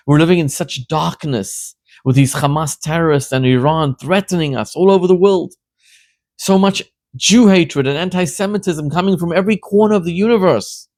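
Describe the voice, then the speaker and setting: A man, a rabbi, delivering a sermon as an animated storyteller who builds to emphatic questions. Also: fairly high pitch, moderate pace, no room sound.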